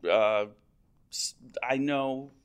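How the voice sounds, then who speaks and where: A man's voice: mid-range voice, fairly even intonation, extremely slow, clear, resonant tone. A man, an editor, chatting casually on a podcast, self-deprecating and full of fillers and restarts. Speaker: website editor. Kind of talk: casual chat.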